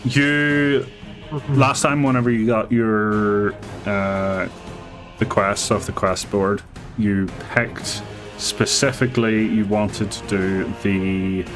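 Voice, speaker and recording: A man narrating as game master of a live tabletop game, halting and full of fillers. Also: fairly low pitch, level tone, music in the background. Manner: halting, with many fillers and restarts.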